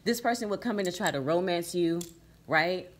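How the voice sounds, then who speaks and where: A woman's voice: on the low side, animated, normal speed. A woman reading tarot cards for her viewers, emphatic and repeating "okay?" and "right?" as she goes. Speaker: tarot reader.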